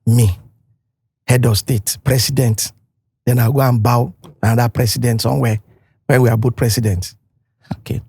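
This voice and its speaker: A man's voice: medium pitch, moderate pace, long pauses, slightly rough, dry recording. Emphatic Nigerian man, dry studio sound. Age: older. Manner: emphatic, animated storytelling, mimics others. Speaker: guest. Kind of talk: podcast conversation.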